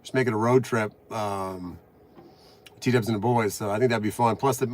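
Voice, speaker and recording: A man's voice: mid-range voice, a bit bright. A middle-aged man in his truck cab, live-streaming from a phone on the dash, chatting casually and greeting viewers, a bit out of breath. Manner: reads out viewer comments, upbeat and chatty.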